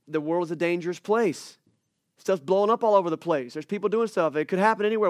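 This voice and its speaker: A young male pastor preaching with a high, light voice and a casual, storytelling manner. He acts out little scenes and screams as he goes. The sound is dry and close. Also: fast, no room sound. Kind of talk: sermon.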